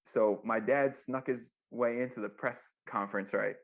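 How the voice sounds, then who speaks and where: A man's voice: mid-range voice, fairly even intonation, moderate pace. A man, a former music manager, telling rambling stories with many fillers in a casual interview.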